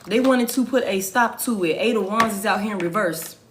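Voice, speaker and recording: A woman's voice: medium pitch, brisk, noisy background. A woman giving a casual tarot reading, swearing freely and repeating her points for emphasis. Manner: profane, emphatic, repeats phrases. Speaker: tarot reader.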